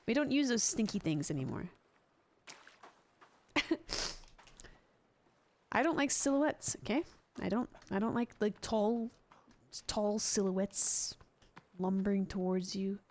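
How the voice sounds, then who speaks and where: A woman streaming a video game, chatting with viewers and giggling loudly at what happens on screen. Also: medium pitch, animated, slow pace, long pauses. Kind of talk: live gameplay commentary.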